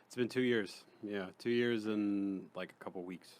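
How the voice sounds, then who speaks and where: Young male comic guest, lowish voice, relaxed hesitant delivery, casual cursing. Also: moderate pace. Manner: laid-back, hesitant, casual swearing. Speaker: comedian guest. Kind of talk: casual podcast interview. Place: podcast studio.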